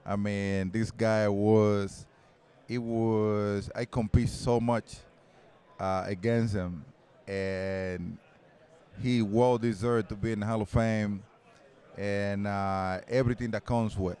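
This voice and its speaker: A man's voice: lowish voice, fairly even intonation, takes it slowly, mellow, clean tone. A man in his forties with a Spanish accent, talking loosely as an interview guest, rambling with many restarts and easy laughs. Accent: Spanish-accented English. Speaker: interview guest, retired baseball player. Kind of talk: casual interview.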